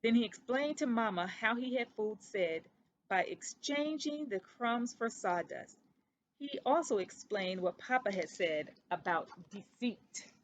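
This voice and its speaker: Storyteller: woman with a slightly high voice, reading a children's book at an easy pace. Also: slight background noise. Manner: steady, unhurried storybook reading.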